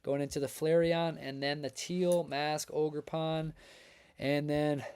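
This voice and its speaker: A man hosts a trading card livestream, reviewing cards and chatting with viewers in a hyped, upbeat, energetic way, calling the chat "folks" and "man." His voice is smooth, a little high and a little slow, and sounds worn from reading.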